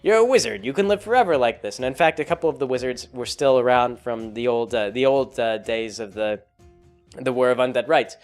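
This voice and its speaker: A man's voice: medium pitch, a little fast, clear, resonant tone, faint music behind. A man casually recapping a tabletop game session in a rambling way, full of fillers and chuckles.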